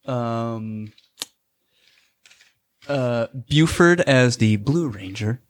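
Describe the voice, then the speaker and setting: A man's voice: mid-range voice, expressive, very slow. Laid-back male podcast co-host. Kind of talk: casual comedic chat.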